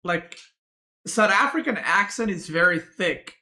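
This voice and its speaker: Man, game streamer, relaxed chat with viewers, bright tone, desk mic. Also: high-pitched, a little slow, slight background noise. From Serbia. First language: Serbian. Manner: relaxed, answers chat questions aloud.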